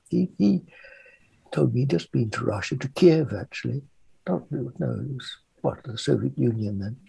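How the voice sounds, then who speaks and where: Gravelly, husky older man from England. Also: medium pitch, no echo, low-quality recording. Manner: halting, gentle, often trails off softly. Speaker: interviewee, mystic and author. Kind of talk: reflective interview answer.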